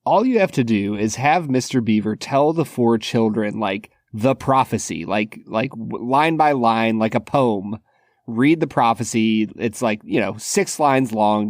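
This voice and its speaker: A man co-hosting a podcast talks casually and rambles, full of fillers and restarts. His voice is mid-range and animated but a little slow, and the recording is dry and studio quality.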